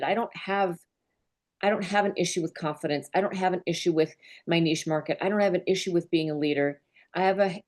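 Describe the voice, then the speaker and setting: Woman business mentor, lowish voice, earnest and open, heartfelt group-call talk. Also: a little mellow. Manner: earnest and openly emotional, conversational. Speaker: business mentor and team leader.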